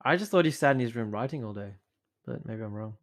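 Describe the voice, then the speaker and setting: A man's voice: mid-range voice, expressive, fast talker. A man, co-hosting a podcast in playful, teasing casual chat. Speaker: podcast co-host.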